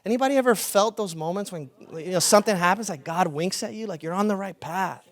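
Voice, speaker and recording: A man's voice: sits high, fast talker, no room sound. A young adult man preaching a conversational sermon as a pastor, telling stories. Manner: conversational, storytelling with laughs.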